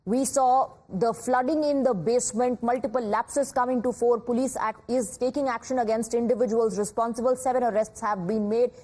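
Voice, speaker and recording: A woman with an Indian English accent anchoring a TV news bulletin in a measured, formal way. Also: fairly high pitch, fairly even intonation, mellow. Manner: measured, formal newsreading with occasional fillers.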